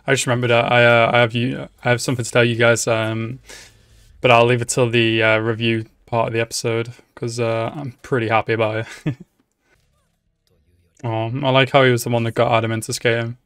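An excitable young man reacts to an anime episode in a loose, casual way, cursing often and calling out at what he sees. His voice sits at a middling pitch for a man, recorded close and dry with no room sound. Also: a little fast, smooth, dry recording. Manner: excitable, swears a lot, laughs and shouts at the screen.

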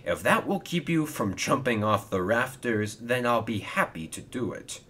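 A man's voice: medium pitch, expressive, normal speed, sharp tone, a little hiss or hum. A man voicing a kind, helpful male steam engine in a storybook reading, friendly and earnest.

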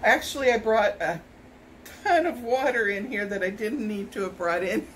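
A woman's voice: medium pitch, lively intonation, moderate pace, fairly bright tone, slight background noise, low-quality recording. A woman, vlogging a casual product unboxing at home, chatty and rambling with self-corrections. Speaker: YouTube vlogger.

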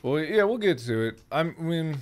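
A man's voice: fairly high pitch, expressive, normal speed. A man streaming a horror game with friends, chatting casually and yelping at scares. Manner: jumpy, yelps and shouts at scares. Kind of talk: casual co-op gaming chat.

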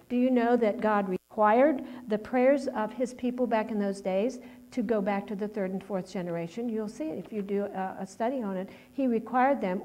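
A woman's voice: mid-range voice, a little mellow. Rambling middle-aged woman preacher. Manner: conversational, rambling with many restarts and fillers. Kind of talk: personal testimony sermon.

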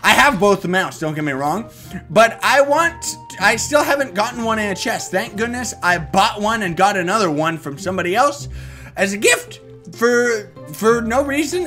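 A young man hosting a video game let's play, talking playfully and goofily while he plays. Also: high-pitched. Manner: playful, goofy, shifts into silly character voices and shouts. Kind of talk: energetic game commentary.

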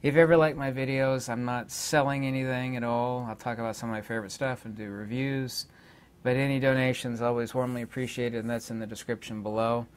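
A man hosting his own channel, talking in a rambling, indignant way and pausing on many filler words. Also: medium pitch, fairly even intonation, smooth. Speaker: channel host. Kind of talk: rambling casual monologue.

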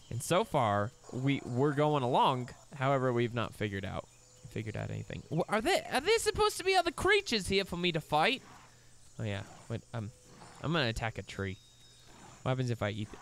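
A young man gives casual, excitable let's-play commentary at a moderate pace, breaking into squeaky, high exclamations.

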